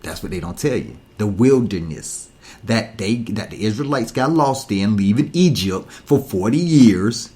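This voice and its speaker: Preachy man with lively pitch. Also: a little slow. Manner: preachy, rhetorical questions, emphatic repetition. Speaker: talk show host. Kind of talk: impassioned monologue.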